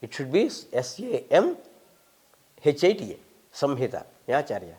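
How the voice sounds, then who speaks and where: A man's voice: a little high, wildly swooping pitch, measured pace, a little mellow, breathy edge. An older man from India with an Indian English accent, a scholar answering audience questions in an emphatic, lecturing way with wry humour. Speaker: visiting Sanskrit scholar.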